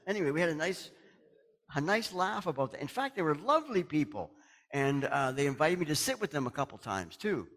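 A man's voice: fairly high pitch, wildly swooping pitch, normal speed, a bit bright. A middle-aged man from Canada, a pastor talking to his congregation in a chatty, folksy way, chuckling often. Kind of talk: casual sermon announcements and storytelling.

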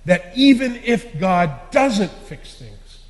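A man giving a sermon as a lay preacher, earnest and confessional, pressing hard on some words and dropping to a hush at line ends. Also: sits high, big pitch swings, takes it slowly. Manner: earnest, confessional, swinging between loud stresses and quiet endings. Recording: echoey hall with long reverb.

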